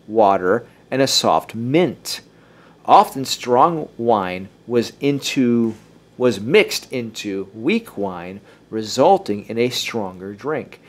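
A man co-hosting a casual podcast, joking and stumbling a little as he reads from his notes. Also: medium pitch. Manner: jokey, stumbles while reading aloud. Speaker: podcast co-host. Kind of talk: casual chat, reading from notes.

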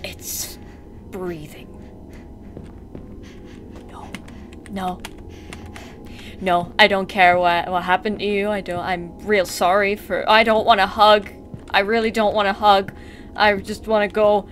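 A woman's voice: mid-range voice, steady tone, a little slow, long pauses, a bit bright, faint music behind. A woman commenting on a horror game as she plays, chatty and sarcastic, talking back to the mannequins and jumping at scares. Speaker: gameplay streamer.

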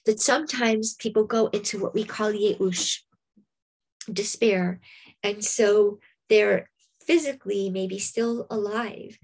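A woman leads a reflective Torah lesson at an unhurried pace. Her voice is slightly husky, and she often pauses and checks in with her listeners. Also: mid-range voice. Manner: reflective, with many fillers and repeated "right?". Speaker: Torah teacher. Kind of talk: spiritual Torah class.

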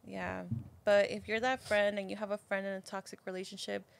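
A woman's voice: medium pitch, flat delivery, a little fast, gravelly. A young woman with an ordinary mid-range voice co-hosts a podcast. She speaks earnestly and shares advice in a casual, chatty way. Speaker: podcast host. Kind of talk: casual chat.

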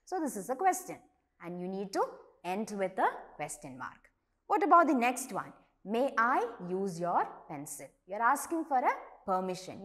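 A young adult woman teaching an online class to young children, explaining slowly and patiently by asking and answering simple questions. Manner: reads dialogue lines aloud with lively pitch jumps.

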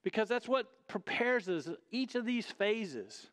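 In a church sanctuary with the long reverb of a church hall, a male pastor preaches emphatically in a high, fairly bright voice full of big pitch swings, unhurried in pace. He puts direct questions to the congregation and calls them "folks."

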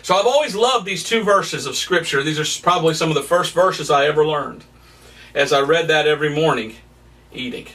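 A man's voice: brisk, far from the mic. A man preaching a sermon as a missionary evangelist, earnest and emphatic, recorded indoors at home. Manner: earnest, emphatic, lively pitch swings, occasional laughs. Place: his family home, indoors.

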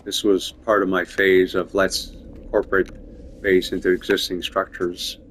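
Man, low-pitched voice, casual gameplay commentary, dry, wry, muttering to himself. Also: completely flat delivery, normal speed, fairly bright tone, slight background noise. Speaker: gameplay video creator.

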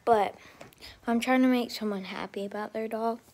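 A woman talking to camera in a rambling, profane vlog rant, swinging between loud outbursts and half-whispered asides. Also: a little high, steady tone, moderate pace. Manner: profane and ranting. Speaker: vlogger.

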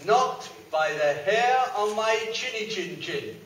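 A man's voice: sits high, lively intonation, slow pace, fairly bright tone, slight background noise, exaggerated voice. A man voicing a frightened little male pig who squeals his refusals. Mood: squealing. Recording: echoey hall from far off.

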